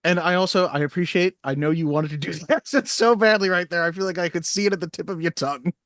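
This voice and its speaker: A man's voice: high voice, quick pace, a bit bright, dry recording, clean studio sound. A man co-hosting a podcast, chatting casually about a movie, rambling through asides and laughing easily. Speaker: podcast co-host.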